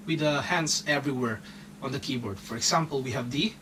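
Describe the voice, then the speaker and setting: A man's voice: medium pitch, fairly quick, slight background noise. A man giving a keyboard lesson, explaining step by step in slightly non-native English and often checking in with "okay?". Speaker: music teacher. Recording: distant mic with loud piano.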